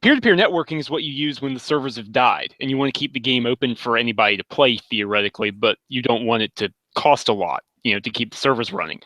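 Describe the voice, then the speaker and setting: Bright-voiced exasperated man ranting. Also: mid-range voice, lively intonation, quick pace, few pauses, no echo. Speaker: podcast panelist. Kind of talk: casual chat.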